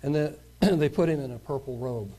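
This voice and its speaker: A man's voice: mid-range voice, normal speed, warm tone. A male preacher giving a sermon, reading a scripture passage aloud and stopping to comment on it in his own words.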